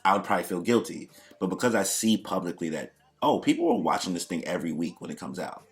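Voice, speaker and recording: A man's voice: low voice, animated, fast talker, soft background music. A man talking casually and loosely, swearing and trailing off with fillers, as a podcast guest. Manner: laid-back, loose and profane, lots of fillers. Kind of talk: casual chat.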